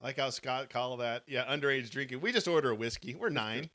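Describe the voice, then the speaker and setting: Man, podcast co-host, mid pitch, bright forceful tone, laughs a lot. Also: brisk. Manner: upbeat and joking, laughs often, runs listener votes. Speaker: podcast co-host running the audience vote. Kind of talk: live podcast chat.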